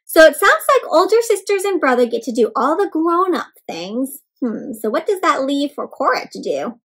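A young adult woman doing an interactive read-aloud for kids, animated, gasping and asking the children questions. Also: sits high, normal speed. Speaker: children's storyteller.

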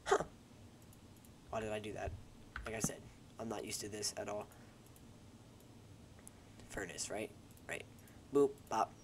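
A young man with a voice on the low side speaks unhurriedly and fairly evenly, leaving long pauses. As a gaming YouTuber, he rambles and jokes at his own expense to viewers through a headset mic during gameplay, in a noisy home recording where keyboard clicks come through.

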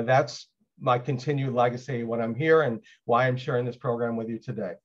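A man of middle pitch tells a personal story to open a lecture. His delivery is loose and conversational, dotted with filler sounds. The audio has the dull, lo-fi quality of a video call. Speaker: LGBTQ+ lecturer.

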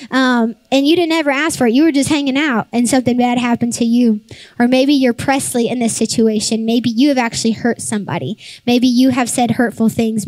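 A young woman pastor preaching a sermon, telling a lively family story and acting out the voices of her family. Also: on the high side, no echo, low-quality recording.

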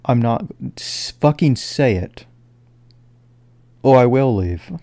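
A man calming and reassuring his brother, firm and insistent. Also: medium pitch, slow pace, no room sound. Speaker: brother of the streamer.

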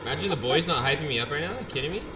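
A young man streaming a game live, excitable and trash-talking, shouting when he gets frustrated, on a gaming headset. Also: on the high side, racing, reverberant, music in the background, rough recording.

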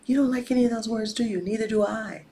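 A woman's voice: fairly high pitch, fast, creaky, dark tone, a little hiss or hum, poor audio. A woman life coach giving a casual, preachy motivational talk, dropping to a whisper for emphasis and using slang.

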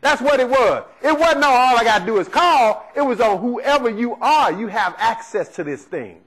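High-voiced man preaching with emphasis. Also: animated, moderate pace, a bit bright, poor audio. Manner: emphatic, asks the congregation rhetorical questions. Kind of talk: sermon.

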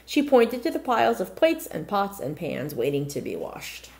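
A woman's voice: mid-range voice, wildly swooping pitch, moderate pace, gravelly, a little mellow. A woman reading a picture book aloud as a storyteller, stopping now and then to explain words to her listeners.

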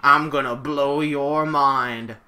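A man doing a slow, low, grumbling mock voice of a grumpy, scheming male friend. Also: steady tone, pushed and bright.

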